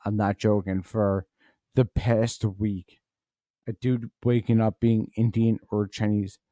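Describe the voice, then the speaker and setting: A tipsy man hosts a comedy podcast from home, rambling and tripping over his words with plenty of cursing. His voice is mellow and dark, and the recording is close and dry. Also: lowish voice, little pitch movement, takes it slowly, no room sound. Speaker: podcast host. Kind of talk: casual comedic commentary.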